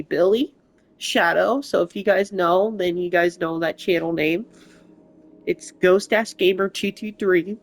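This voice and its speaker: A young adult gaming channel host speaking in a halting, emotional, rambling way in a personal update vlog, recorded on a console mic. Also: medium pitch. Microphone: console mic without camera.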